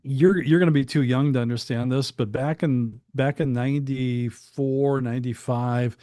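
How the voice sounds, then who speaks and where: A man in his sixties, a studio engineer, telling relaxed, rambling anecdotes as a guest in an interview. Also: mid-range voice, moderate pace, no echo. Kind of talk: casual storytelling interview.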